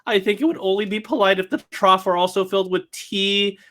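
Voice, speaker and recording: A man's voice: high-pitched, fairly even intonation, brisk, sharp tone. A man playing a tabletop game in character, speaking politely and a little hesitantly. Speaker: player.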